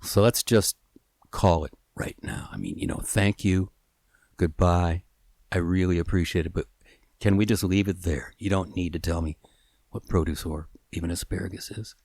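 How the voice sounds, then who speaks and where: A man's voice: sits low, fairly even intonation, moderate pace, no echo, clean studio sound. A man doing a polite, resigned talking halibut. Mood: gentle, resigned. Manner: soft-spoken, courteous, hesitant.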